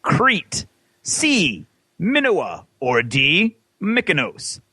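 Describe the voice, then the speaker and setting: A man's voice: huge pitch swings, drawn-out words, pushed and bright, breathy edge, no echo, poor audio. A man hosting a tabletop gaming podcast, reading out trivia and playfully scolding the contestants. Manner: theatrical, booming mock-scolding announcements. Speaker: podcast host running a trivia quiz. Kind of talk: quiz host with dramatic read-out trivia.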